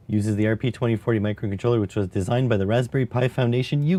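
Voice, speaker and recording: A man streaming live, chatting casually and musing aloud in a wry, unhurried way as he types. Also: medium pitch, fairly even intonation, mellow. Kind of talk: casual live-stream chat while typing.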